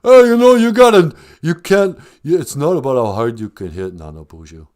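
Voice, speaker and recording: A man's voice: a little high, lively intonation, normal speed, a little mellow, voice pushed up, natural voice. A man doing a mumbling tough-guy boxer star. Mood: laid-back. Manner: slurred tough-guy talk. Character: mumbling tough-guy boxer movie star, male, middle-aged, laid-back. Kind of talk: comedic impression.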